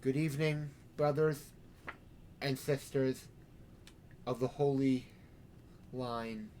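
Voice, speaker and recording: A man voicing a male vampire preacher and sheriff, delivering a grand, measured sermon in character. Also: mid-range voice, steady tone, darkish tone, a little hiss or hum, close to an everyday voice. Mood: solemn.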